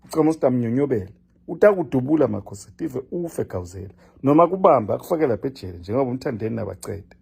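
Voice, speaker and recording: An older man lectures and scolds in an impassioned political monologue. His voice is gravelly and husky, with a dark, mellow tone, and his pitch swings widely as he presses his points. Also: very animated, fast. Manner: scolding, lecturing, repeats a name for emphasis. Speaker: political commentator. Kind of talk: impassioned direct-address monologue.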